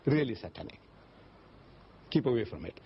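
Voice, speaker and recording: A man's voice: moderate pace, a little hiss or hum. An older man giving a religious lecture and answering audience questions, telling stories animatedly and acting out the voices he quotes. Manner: animated storytelling, often jumping up in pitch to act out quoted voices. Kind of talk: public lecture Q&A. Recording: dull lo-fi lecture recording.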